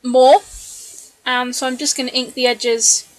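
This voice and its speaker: Woman, slightly high voice, tired late-night voice-over narrating her own craft video, chatty with ums. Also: measured pace. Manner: chatty, relaxed, with many ums and little laughs. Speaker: scrapbooking vlogger. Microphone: voice-over recorded separately from the video.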